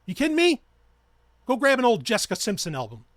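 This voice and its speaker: Man, podcast host, high-pitched voice, heated profane ranting, dry close sound. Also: huge pitch swings, fast talker, no echo. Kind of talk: ranting solo podcast talk.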